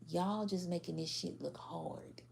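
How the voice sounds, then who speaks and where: A woman's voice: on the low side, fairly even intonation, measured pace, vocal fry, darkish tone, a little hiss or hum. A woman giving a casual tarot reading to a general audience, blunt and profane, acting out how other people react. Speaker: tarot reader.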